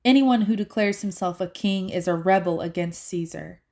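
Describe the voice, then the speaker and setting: A woman voicing a group of angry male religious leaders who make loud, insistent demands. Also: on the low side, moderate pace, natural voice. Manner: insistent, shouting.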